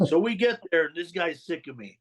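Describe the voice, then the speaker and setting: A middle-aged man with a somewhat high voice relates his past to a podcast host in candid storytelling. He talks in blunt street slang and swears freely. He slips into the voices of the people he quotes. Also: very animated, a little fast, rough recording. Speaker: podcast guest telling his life story.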